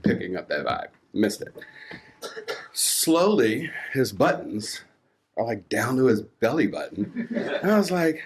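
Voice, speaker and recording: A man's voice: medium pitch, a little hiss or hum. A man in his forties from Washington, D.C., telling a candid, self-mocking story live on a theatre stage. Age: 40s. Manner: candid, self-mocking, laughing through the tale.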